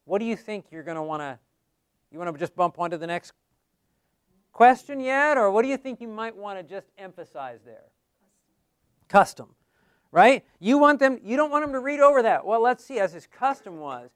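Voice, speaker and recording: A man's voice: sits high, animated, fairly quick, fairly bright tone, clean tone, no echo, studio quality. A man teaching a class on how to give Bible studies, in a conversational way that keeps asking the class questions.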